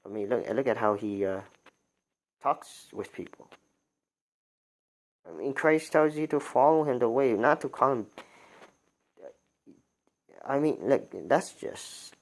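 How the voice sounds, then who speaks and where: A man giving unscripted livestream commentary, halting and stumbling over his words, with frustrated rhetorical questions. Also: medium pitch, darkish tone. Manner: halting, many restarts and repeated words.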